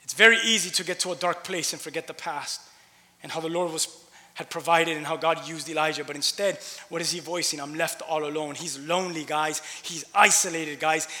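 A man preaching a sermon as a pastor, swinging from loud impassioned preaching to hushed asides. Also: a little high. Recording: long hall reverb.

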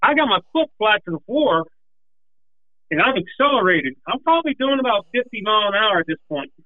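A man's voice: high-pitched, brisk, no room sound. Breathless folksy man telling a racing story on a tinny phone line. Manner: animated, folksy, rambling with restarts. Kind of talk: casual storytelling.

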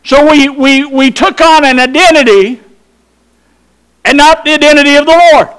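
A man's voice: very high voice, normal speed, a bit bright. A pastor preaching a sermon, emphatic and drawn out, putting questions to his congregation.

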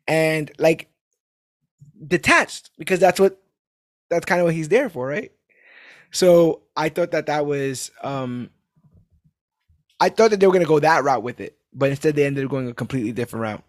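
Chatty man with a slightly high voice. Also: moderate pace, long pauses, no echo, clean studio sound. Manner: rambling, animated, swears casually. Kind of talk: casual recap chat.

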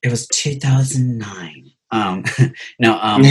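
A young man with a bright, forceful and somewhat low voice tells a personal story in a relaxed podcast chat. He rambles and fills his talk with filler words. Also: takes it slowly, low-quality recording. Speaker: podcast guest telling a story.

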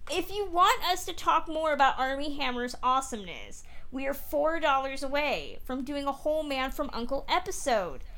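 A woman hosting a podcast in a relaxed, casual way, often pausing on "um" and "uh.". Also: high-pitched. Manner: relaxed, filler-heavy with frequent ums. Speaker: podcast host.

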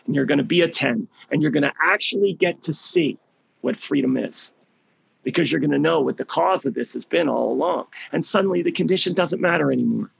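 A middle-aged man giving a motivational talk, his voice deeply gravelly and husky. He tells stories with emphasis, doubling words to drive a point home. The sound is close and dry, with no room around it. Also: fairly bright tone, no echo. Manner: emphatic storytelling, repeats words for stress. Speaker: healing program leader.

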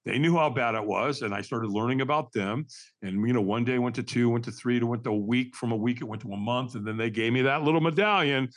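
Animated man in his sixties telling his story. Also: mid-range voice, fast. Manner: animated, emphatic, laughs through hard memories. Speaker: podcast guest. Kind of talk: candid personal storytelling.

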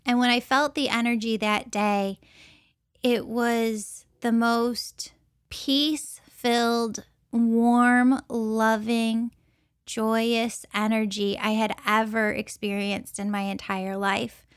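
A woman's voice: fairly high pitch, little pitch movement, takes it slowly, no echo, clean studio sound. A woman from the United States who gives intuitive readings, telling a personal story in an earnest way and repeating phrases for emphasis. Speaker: intuitive reader.

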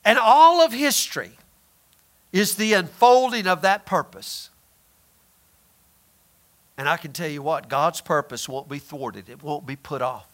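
High, bright-voiced man preaching emphatically. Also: measured pace, long pauses. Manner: emphatic, swings between loud and hushed; acts out quoted voices in retelling. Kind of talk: sermon.

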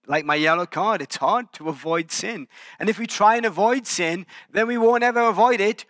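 This is a fortyish pastor with an English accent, preaching and recounting his own experiences in a self-deprecating, conversational manner marked by frequent restarts. His pitch is fairly high and his tone fairly bright. The recording is dry and of studio quality.

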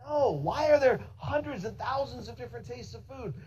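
A pastor preaching a sermon in an animated way, asking the congregation rhetorical questions and speaking to them directly. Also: medium pitch, a little fast, highs cut off, slight background noise.

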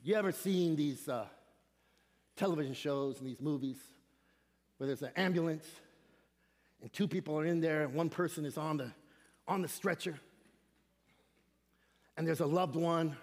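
A man preaching an animated sermon as a guest speaker, with slangy asides and shouted emphasis. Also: on the high side, normal speed, pauses often, in a large hall. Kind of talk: energetic sermon. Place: church sanctuary.

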